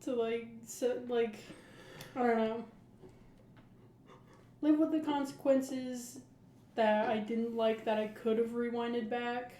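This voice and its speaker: High-voiced woman rambling in casual chat. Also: flat delivery, takes it slowly, pauses often, warm tone, reverberant, a little hiss or hum. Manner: rambling, heavy use of "like". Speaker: podcast co-host.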